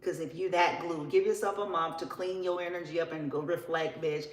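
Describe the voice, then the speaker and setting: A woman's voice: fairly low pitch, steady tone, brisk, reverberant, low-quality recording. A woman giving a casual tarot reading, blunt and profane, often laughing as she talks. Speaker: tarot reader.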